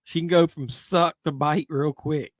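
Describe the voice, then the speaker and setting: A man's voice: on the high side, fairly even intonation, a little slow, no room sound. A man hosting a live movie watch-along, making casual commentary full of crude jokes. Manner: crude joking banter. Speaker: live-stream host.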